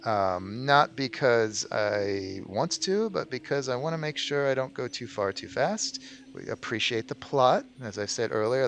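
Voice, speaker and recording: A man's voice: medium pitch, fairly bright tone. A man hosting a let's play, giving casual gameplay commentary in a rambling way with frequent ums. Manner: rambling, many ums and restarts.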